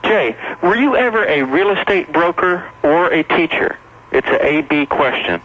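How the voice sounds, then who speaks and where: A man's voice: fairly high pitch, animated, moderate pace. A man from North Carolina calling into a radio show, friendly and chatty, laughing easily. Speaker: caller. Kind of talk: casual call-in chat. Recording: muffled AM radio broadcast.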